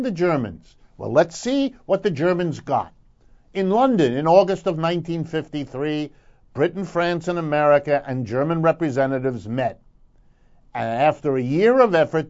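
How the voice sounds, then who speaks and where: Male commentator with a slightly high voice, emphatic and lecturing, on muffled lo-fi audio. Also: darkish tone. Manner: emphatic, lecturing, building points through repetition. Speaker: economic commentator. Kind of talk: radio commentary segment.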